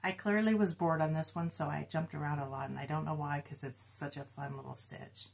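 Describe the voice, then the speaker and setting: A middle-aged woman with a low voice, chatting casually about her stitching progress. She reports her stitch counts and pokes fun at herself in an easy, homey tone. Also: fairly even intonation, brisk, gravelly, a little hiss or hum. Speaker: co-host of a cross-stitch channel. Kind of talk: casual chat.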